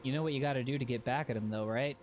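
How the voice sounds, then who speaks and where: A man giving casual live commentary while playing a video game. He swears freely and yelps and shouts at what happens on screen. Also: medium pitch, very fast. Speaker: game streamer. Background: game music.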